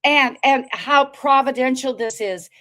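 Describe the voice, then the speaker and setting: Animated woman telling a story. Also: high voice, unhurried. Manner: expressive, acts out quoted dialogue, preachy asides to listeners. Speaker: guest. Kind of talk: animated storytelling in a talk show.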